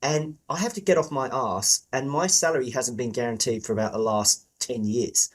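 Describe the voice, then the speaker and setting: A man's voice: mid-range voice, moderate pace. A middle-aged man from England hosting a sales podcast, chatty and enthusiastic, swearing casually. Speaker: podcast host. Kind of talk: podcast interview.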